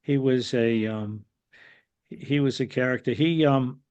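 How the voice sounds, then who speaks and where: A man's voice: mid-range voice, measured pace, clear, resonant tone, highs cut off. An older man from New York telling stories casually as a podcast guest, with lots of fillers and restarts. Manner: rambling, many fillers and restarts, animated quotes. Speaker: guest, former wrestling referee. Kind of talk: casual storytelling.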